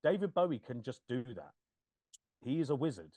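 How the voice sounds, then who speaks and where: At a normal speed and medium pitch, a man co-hosting a podcast chats casually with no room sound behind him. He laughs a lot, swears, and performs the lines he quotes with animation.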